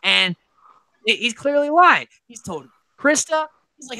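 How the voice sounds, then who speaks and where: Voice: medium pitch, very animated, a little slow, bright, forceful tone, no room sound. A podcast host animatedly recapping episode drama in a casual, story-driven way, full of "like" and "he's like".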